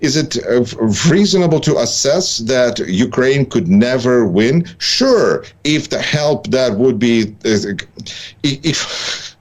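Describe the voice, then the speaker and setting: A man co-hosting a political talk show, giving analytical commentary in a halting, wry way, with frequent fillers and restarts. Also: medium pitch, expressive.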